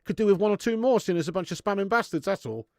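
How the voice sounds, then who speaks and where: A man's voice: sits high, animated, quick pace, no echo, clean studio sound. A man hosting a live football watch-along from his garage, chatting casually and swearing while reading out viewer messages. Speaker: fan channel host. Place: home garage streaming setup. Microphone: streaming setup.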